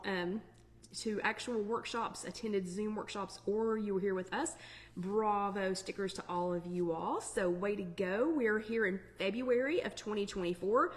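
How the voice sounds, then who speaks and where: This is a middle-aged woman with a drawl, hosting a casual live stream. She chats in an upbeat, rambling way and scatters fillers through her talk. Her voice sits in an ordinary middle pitch. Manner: chatty, upbeat, warm Southern-flavored asides with lots of fillers. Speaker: online weight-loss chat host.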